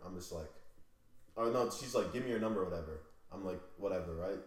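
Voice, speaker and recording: Young male co-host, animated profane storyteller, low voice, very echoey room. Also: brisk. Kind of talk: casual chat.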